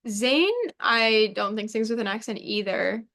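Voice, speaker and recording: A young woman co-hosting a casual podcast, telling stories in an animated way with quick asides and laughs. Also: a little high. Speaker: podcast co-host. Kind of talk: casual chat.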